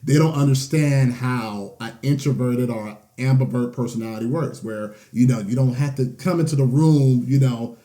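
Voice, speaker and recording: Dark-voiced man giving a tarot reading. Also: mid-range voice, moderate pace, hardly any pauses. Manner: conversational, frequent "you know" and "okay?" tags. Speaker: tarot reader. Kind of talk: collective tarot reading monologue.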